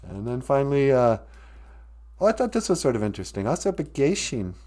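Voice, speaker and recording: A man hosting a comedic podcast, talking in a dry, deadpan way and explaining words of the day. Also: mid-range voice, brisk. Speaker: podcast host and language teacher.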